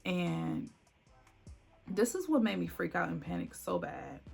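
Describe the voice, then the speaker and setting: Gravelly woman telling a dramatic story. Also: on the low side, measured pace, faint music behind. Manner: animated storytelling, acting out voices in quotes. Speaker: vlogger. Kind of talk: emotional storytime vlog.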